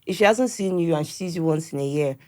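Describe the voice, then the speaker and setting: Middle-aged woman guest, low voice, chatty anecdotes. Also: fast talker. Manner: warm storytelling, acts out family members' lines. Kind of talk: casual conversation.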